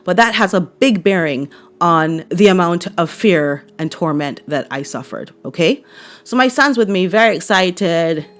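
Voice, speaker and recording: A woman with a Barbadian accent telling a personal story to camera in a chatty, animated way, often checking in with viewers. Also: lowish voice, measured pace. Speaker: vlogger.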